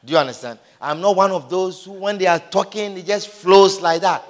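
A man's voice: sits high, brisk. A male preacher giving a sermon, repeating his points and often asking the congregation whether they understand. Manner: repeats lines and asks the crowd if they understand. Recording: long hall reverb.

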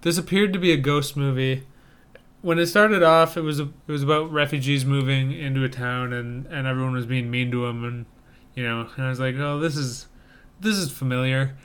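A man's voice: mid-range voice, fairly even intonation, fairly quick, a bit bright, smooth. A young adult man co-hosting a podcast, chatting casually and enthusiastically about trailers and rambling with restarts. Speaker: podcast co-host reviewing trailers. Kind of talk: casual chat.

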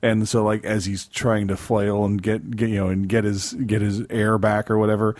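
A low-pitched man co-hosting a casual chat, recorded dry and close. He rambles with hesitant fillers and laughing asides. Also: level tone, moderate pace, a little mellow, no echo. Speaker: podcast co-host.

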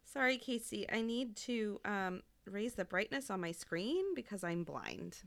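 A woman's voice: medium pitch, lively intonation, unhurried, creaky, fairly bright tone, dry recording. A woman from the United States co-hosting a podcast in casual, self-deprecating chat. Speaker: podcast co-host.

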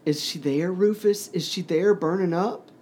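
Man reading as a frightened young boy, raised pitch, dark-toned voice. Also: normal speed, slight background noise, natural voice. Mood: frantic. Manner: high plaintive questioning. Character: grieving anxious little boy.

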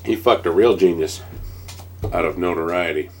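Deep-voiced blunt man arguing game rules. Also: moderate pace, over music. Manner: blunt, swears freely, argues rules. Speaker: board game player. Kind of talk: casual chat over a board game.

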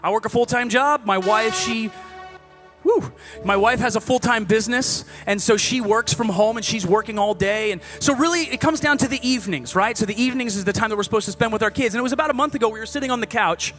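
A man preaching a sermon in a conversational, animated way, swinging from loud exhortation to hushed asides. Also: high voice, fast talker, faint music behind.

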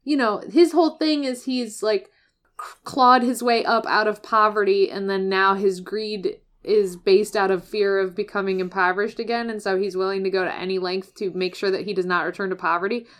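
A woman's voice: mid-range voice, fairly even intonation, moderate pace. A woman chatting casually about a game, reflecting on choices and story in a conversational, analytical way, laughing often. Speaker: podcast co-host. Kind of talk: casual chat.

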